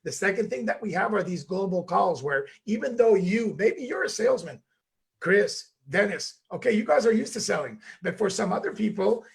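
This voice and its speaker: High, gravelly Canadian man hyping a team. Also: normal speed. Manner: animated, emphatic. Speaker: co-host. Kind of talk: enthusiastic livestream pep talk.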